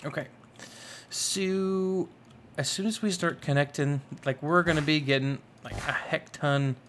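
Young male gaming host, chatty and easily hyped, slightly high voice, faint hiss. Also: measured pace. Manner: excitable, rambling, full of fillers. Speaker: gaming YouTuber. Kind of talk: casual Minecraft let's play commentary.

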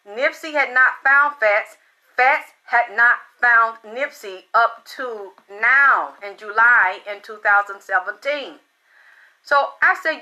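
Sharp-voiced woman, blunt and excitable. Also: fairly high pitch, takes it slowly, highs cut off. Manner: blunt and profane, excitable, repeats herself. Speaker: spiritual reader and channel host. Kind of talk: casual storytelling monologue.

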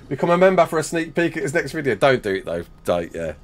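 Fast and expressive, with a medium-pitched voice, a young English man chats casually while live-streaming a game. He reads his viewers' comments aloud and replies to them, using a desk mic with a face cam.

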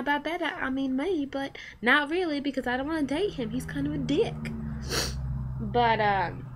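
Bright high-pitched teenage girl vlogging. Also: a little hiss or hum. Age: teens. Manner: rambling, restless, full of "like" and self-corrections. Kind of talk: casual confessional vlog.

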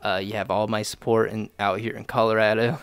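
Gravelly young man chatting loosely. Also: on the low side, little pitch movement, brisk, no echo. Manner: loose, joking, profane, lots of fillers. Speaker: podcast host. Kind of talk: casual chat.

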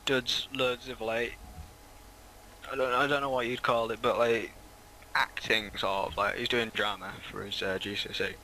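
A man's voice: mid-range voice, level tone, moderate pace, pushed and bright, a little hiss or hum, rough recording. A teenage boy hosting a game video, rambling through casual chat with many fillers. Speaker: let's play host.

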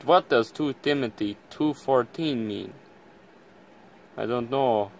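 A man's voice: mid-range voice, slow pace, creaky. Teen guy goofing around on a casual video chat, laughs a lot, bit of faint noise. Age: teens. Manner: laughing, offhand and goofy. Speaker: co-host.

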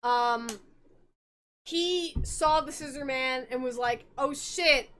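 A woman's voice: high-pitched, slow pace, fairly bright tone, smooth. A tipsy woman hosting a podcast, rambling through a game's story in casual chat, giggling and swearing as she goes. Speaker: podcast host.

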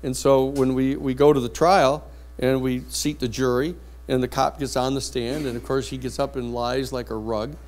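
A man's voice: medium pitch, moderate pace. Blunt man telling a courtroom story. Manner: lively, blunt anecdotal storytelling. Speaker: lecturer. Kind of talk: storytelling lecture. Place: university classroom.

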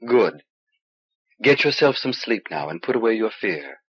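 A man voicing a calm, gentle young exiled lord who speaks in a measured way, on an old cassette recording. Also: medium pitch, breathy edge, lo-fi sound.

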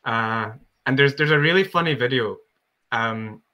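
A man's voice: medium pitch, measured pace, pushed and bright, muffled recording. A Scottish man hosting a casual hobby chat, rambling and self-deprecating as he talks. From Scotland. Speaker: podcast host.

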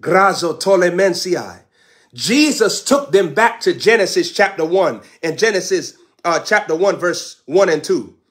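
Fervent high-voiced male preacher. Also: expressive, moderate pace, few pauses. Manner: fervent, repetitive declarations, speaks in tongues. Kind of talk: sermon.

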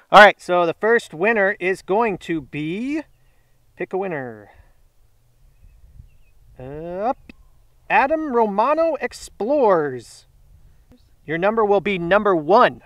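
Upbeat chatty man with a high voice. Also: a bit bright, no room sound, clean studio sound. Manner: upbeat, chatty, drawn-out announcements. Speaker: grilling channel host. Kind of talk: casual giveaway vlog. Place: outdoors.

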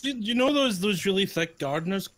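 A man's voice: high-pitched, animated, brisk, over a noisy crowd. A man complaining wryly and crudely to friends over voice chat during a poker game. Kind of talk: casual gaming chat with friends.

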